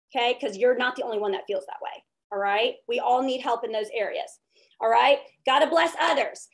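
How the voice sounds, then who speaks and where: A woman giving a motivational leadership talk over a video call, tagging her points with "okay?". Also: high-pitched. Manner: upbeat and preachy, tags lines with "okay?". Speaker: direct sales team leader.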